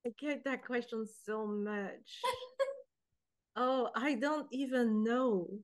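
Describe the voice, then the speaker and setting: Woman guest, high voice, relaxed chatty storyteller who slips into the voices of people in her stories. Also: slow pace. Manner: animated, acts out dialogue in her anecdotes. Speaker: guest, author and poet. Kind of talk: casual interview storytelling.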